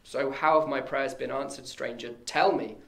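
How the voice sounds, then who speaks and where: A man's voice: mid-range voice, steady tone, moderate pace, gravelly, a bit bright. A man voicing a wary, grieving young woman as he reads a stage scene aloud, with a suspicious, pleading manner. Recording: echoey room.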